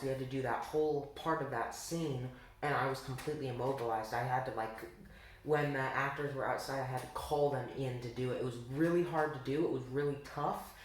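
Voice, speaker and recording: Brief: man narrating bloopers, relaxed, self-critical, very echoey room, far mic. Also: medium pitch, slight background noise. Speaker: film creator giving commentary. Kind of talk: reflective voice-over commentary.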